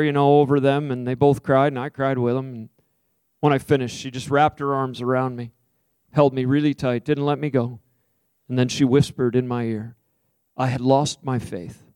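A male pastor preaching a sermon, with a voice of middling pitch. He tells a story with acted-out quotes, then slows into a soft, prayerful invitation. The sound is dry and close. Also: fairly even intonation, smooth, no echo.

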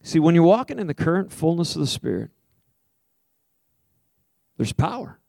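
A man, a minister, preaching a sermon, telling a personal story with lively acted-out quotes and then softly leading a slow, prayerful invitation. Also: fairly high pitch, gravelly, no room sound, clean studio sound. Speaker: pastor.

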